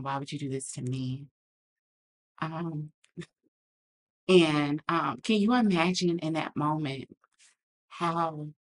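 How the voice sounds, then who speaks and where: A low-pitched woman speaks candidly as a podcast guest, earnest and reflective. As she tells her story, she acts out other people's lines.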